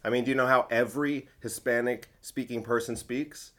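A man's voice: mid-range voice, steady tone, moderate pace, fairly bright tone. A man hosts a casual podcast with friends. He jokes a lot and argues back on purpose to stir things up, in a loose conversational tone. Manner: joking, playfully contrarian. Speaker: podcast host. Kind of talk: casual chat.

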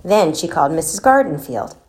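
A woman reading a children's chapter book aloud in a measured storytelling manner. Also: deep voice, sing-song, darkish tone. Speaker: narrator.

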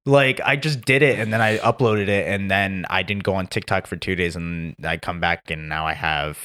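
A man's voice: sits low, fairly even intonation, moderate pace, sharp tone. A man co-hosting a podcast in casual chat, rambling with many fillers and laughing often. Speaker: podcast co-host.

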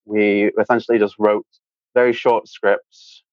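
A man's voice: fairly low pitch, flat delivery, measured pace, no echo. A young man with a British accent, a guest in a casual interview, talking in a rambling way with lots of fillers. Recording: dull, dry lo-fi sound.

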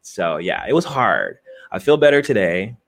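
Low-voiced man rambling on a livestream. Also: huge pitch swings, normal speed, creaky. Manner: rambling, soft-spoken, frequent fillers and restarts. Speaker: video creator. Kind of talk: casual livestream chat.

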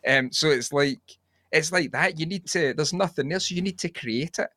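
A Scottish man muses aloud in relaxed podcast chat, with a bright, forceful tone. He rambles and swears as he thinks things through. His voice sounds dry and close. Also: on the high side, normal speed, dry recording. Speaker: podcast co-host. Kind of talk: casual chat.

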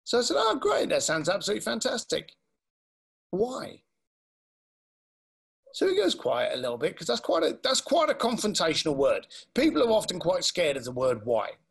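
Guy telling a story, high swooping voice, kinda husky. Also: fast talker, hardly any pauses. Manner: animated, acts out quoted voices. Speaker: speaker. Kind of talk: storytelling talk.

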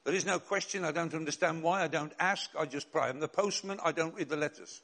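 A middle-aged man delivers a sermon as a pastor, his voice sitting high for a man. He tells stories from the pulpit and draws out key words for emphasis. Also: fairly bright tone. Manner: storytelling, slows and rises for emphasis.

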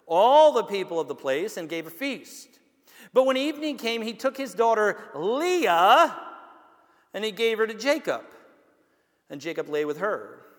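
High-voiced pastor preaching in a reverberant hall. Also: male voice, a bit bright. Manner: preaching with rising emphatic outbursts; slow, deliberate delivery. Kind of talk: sermon.

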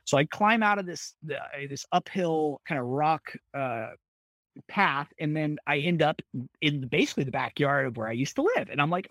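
A man's voice: on the high side, moderate pace, no room sound. A young man, a podcast guest, vividly retelling a dramatic personal story in casual, profanity-laced speech. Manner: vivid, swears freely, animated retelling.

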